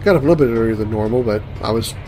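A man's voice: mid-range voice, rapid-fire, background noise. A man casually commenting on his gameplay, muttering reactions and swearing when startled, with game music playing behind him. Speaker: let's play gamer. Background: game music and sound effects.

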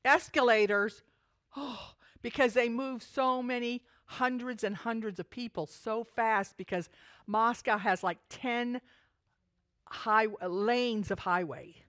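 Animated woman preaching a sermon. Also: fairly high pitch, no echo, studio quality. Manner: animated, chatty storytelling with many restarts. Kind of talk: sermon storytelling. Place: church sanctuary.

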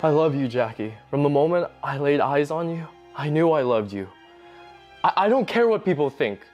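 A young man plays a nervous teenage boyfriend who stammers through his confessions. His voice sits a bit high. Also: lively intonation, moderate pace, highs cut off, faint music behind, close to an everyday voice. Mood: tender. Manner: hesitant, stammering.

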